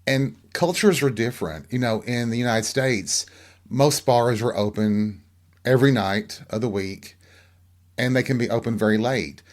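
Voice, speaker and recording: A man's voice: medium pitch, normal speed. A middle-aged man from Tennessee, hosting a podcast alone in candid, campy, chatty storytelling. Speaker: podcast host. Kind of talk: casual solo chat.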